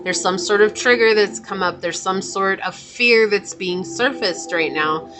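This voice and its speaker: A woman's voice: medium pitch, a little slow. A woman giving a casual spoken tarot reading, chatty and reassuring, with many fillers and restarts. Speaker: tarot reader. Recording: music playing behind the voice.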